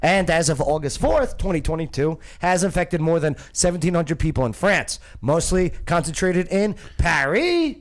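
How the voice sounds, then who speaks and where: A man's voice: fairly high pitch, expressive, normal speed, few pauses. A man hosting a casual comedic talk show, reading news articles aloud and breaking off for jokes and laughs. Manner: reads articles aloud with joking asides and laughs. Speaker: show host.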